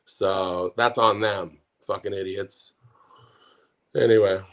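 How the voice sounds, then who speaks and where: A man's voice: low voice, steady tone, slow pace. A middle-aged man co-hosting a podcast, ranting angrily and swearing constantly in casual chat. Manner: angry, profane ranting. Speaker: podcast co-host.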